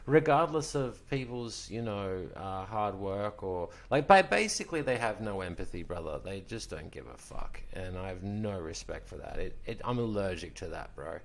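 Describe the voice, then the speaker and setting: A young man with a low, gravelly voice that keeps dropping into fry. He hosts a relaxed podcast chat, swearing often and calling his guest bro as he tells his stories. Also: normal speed, few pauses. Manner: profane, animated storyteller, says bro a lot. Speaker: podcast host. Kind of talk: casual chat.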